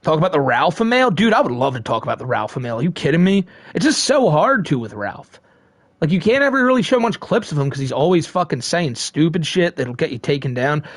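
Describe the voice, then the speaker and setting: Profane streamer man, fairly high voice. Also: very animated, a little fast, no echo. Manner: profane, rambling, laughs often. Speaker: live streamer reading chat. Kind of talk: casual live-stream chat.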